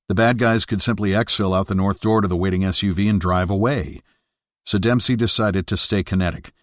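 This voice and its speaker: A man narrating an audiobook thriller in a steady, measured reading on a close studio mic. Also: sits low, no room sound. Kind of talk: scripted narration.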